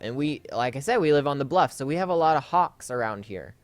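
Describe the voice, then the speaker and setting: A man's voice: fairly high pitch, expressive, brisk, hardly any pauses, clear, resonant tone, no room sound. A man hosting a Let's Play, rambling through a casual story with lots of fillers and self-corrections while he plays.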